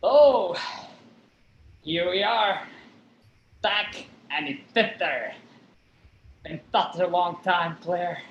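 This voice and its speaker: A woman's voice: fairly low pitch, very slow, pauses often, roomy sound, dull audio, a little hiss or hum. A woman voicing a limping, lisping masked man who urgently pleads and whispers, in a live play reading over a video call. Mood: wistful. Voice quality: lisp.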